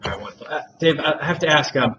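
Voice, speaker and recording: A man giving a rehearsed, persuasive sales pitch in a role-play and often addressing the listener by name. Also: lively intonation, quick pace. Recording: dull lo-fi recording with clear background noise.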